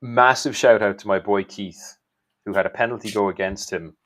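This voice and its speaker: A man's voice: lowish voice, steady tone, moderate pace, fairly bright tone. A man co-hosting a football podcast, with dry, teasing banter. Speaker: podcast co-host. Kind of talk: casual football chat.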